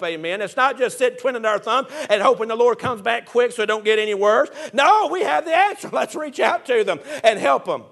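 A man preaching a sermon, reading scripture and rising to fervent shouts on key points. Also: very high voice, fairly quick, gravelly, hardly any pauses.

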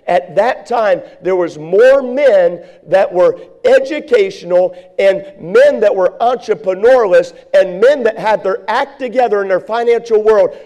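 Male pastor, high-pitched, sermon delivery with rising shouted emphasis.

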